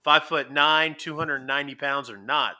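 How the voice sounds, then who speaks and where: A man's voice: fairly high pitch, normal speed. A man co-hosting a casual chat, boastful and swearing freely. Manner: boastful, profane, animated.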